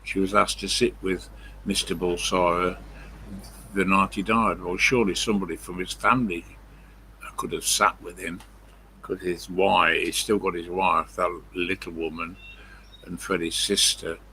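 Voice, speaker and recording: An older man, rambling through a story on his live stream, full of pauses and fillers. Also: sits low, steady tone, bright, forceful tone, slight background noise.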